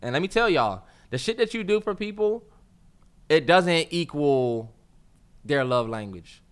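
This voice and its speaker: A man's voice: on the high side, unhurried, clean tone. A man co-hosting a casual podcast, talking animatedly in bursts, cutting in over his co-host and putting on voices for effect. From United States. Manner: animated, talks over others, mock voices and yelling bursts.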